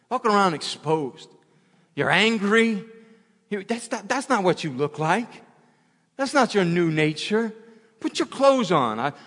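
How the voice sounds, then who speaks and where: Man, preacher, sermon, high voice, long hall echo, impassioned, repeats phrases. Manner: impassioned, repeats phrases, swings loud to hushed.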